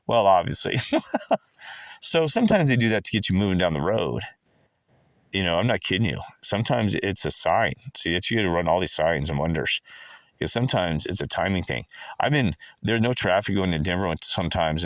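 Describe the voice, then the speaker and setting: A man giving a rambling casual monologue, telling stories excitably with many asides and exclamations. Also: low voice, no room sound. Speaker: vlogger.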